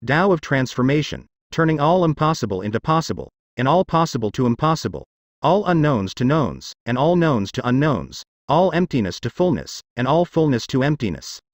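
A man's voice: medium pitch, very animated, moderate pace, no echo, studio quality. A man voicing an ancient emperor who proclaims his philosophy to the world, in a web novel audiobook. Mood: proclaiming. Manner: proclaiming, solemn.

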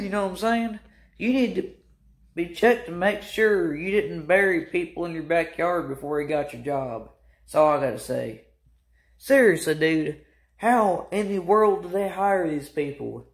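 A young man telling a mocking, animated storytime rant as a vlogger. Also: sits high, a little slow, echoey room. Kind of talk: ranting storytime vlog.

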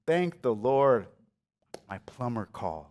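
A man's voice: medium pitch, big pitch swings, slow pace, a little mellow. A male pastor preaching a sermon in a conversational storytelling way, often checking in with "right?" and "okay?".

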